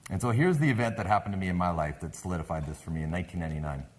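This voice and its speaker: A Canadian-accented sales speaker addresses a live audience, telling a story animatedly and asking the crowd questions. His voice is low and rapid-fire, with slight background noise.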